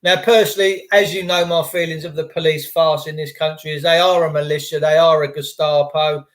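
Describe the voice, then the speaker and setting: Middle-aged english bloke on a live stream, sweary, blunt, fairly high voice. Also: male voice, level tone, fairly quick, a bit bright. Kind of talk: casual live-stream rant.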